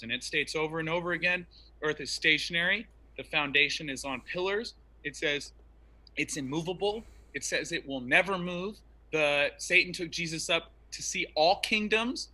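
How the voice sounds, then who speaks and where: A man's voice: high-pitched, bright, forceful tone. A man arguing in an online debate, insistent and preachy as he makes his case.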